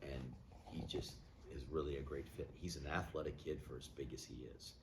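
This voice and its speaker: A middle-aged man, a head football coach, answering reporters after a game in a plainspoken, measured way, thinking aloud as he goes. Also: extremely low pitch, fairly even intonation, background noise. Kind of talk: post-game media interview.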